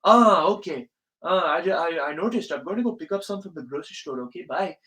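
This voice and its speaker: A meek young man with an Indian accent answers his parents on the phone, as a podcaster puts him on. The voice rises well above his usual register and turns eager and deferential. It has a bright, sharp edge. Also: animated, fairly quick. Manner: higher, polite and deferential.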